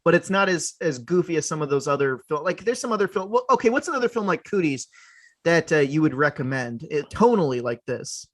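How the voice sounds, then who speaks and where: Brief: easygoing podcast co-host, man, slightly high voice, dry close sound. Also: big pitch swings, a bit bright, no room sound. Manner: easygoing, tosses in quick impressions. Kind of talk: casual chat.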